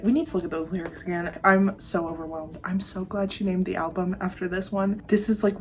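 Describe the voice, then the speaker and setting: A young woman reacting to an album in a casual vlog, gushing and excitable, swearing freely. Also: mid-range voice. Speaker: music reaction vlogger.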